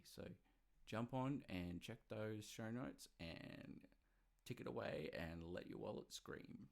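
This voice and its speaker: A man's voice: fairly low pitch, expressive, slow pace, vocal fry. An Australian man hosting a podcast, reading music news in a rambling, casual way with self-deprecating asides into a desk mic. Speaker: podcast host. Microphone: desk mic with webcam.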